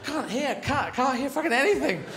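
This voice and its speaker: Rambling stand-up comedian, roomy stage. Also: male voice, very high-pitched, lively intonation, moderate pace, over a noisy crowd, very noisy. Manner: rambling, playful, jumps into silly voices and sound effects. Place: live theatre stage with audience. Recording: roomy live stage recording.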